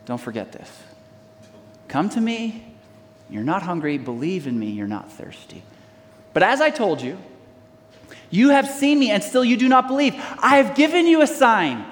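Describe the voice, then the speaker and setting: High-voiced man preaching in a hall. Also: sing-song, normal speed, pauses often, slight background noise. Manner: preaching with call-and-response to the congregation. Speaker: pastor. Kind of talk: sermon.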